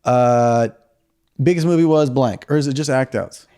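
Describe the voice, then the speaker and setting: A young man co-hosting a comedy podcast in casual chat. He teases his co-host in a jokey way and slips into quick silly voices. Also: mid-range voice, dark tone, smooth.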